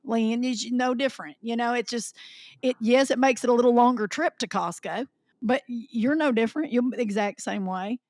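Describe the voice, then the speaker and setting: A woman co-hosting a chat podcast, telling lively stories and acting out the people she quotes. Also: fairly high pitch, normal speed, no room sound. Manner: lively storyteller who acts out quoted people. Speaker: podcast co-host. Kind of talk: casual chat.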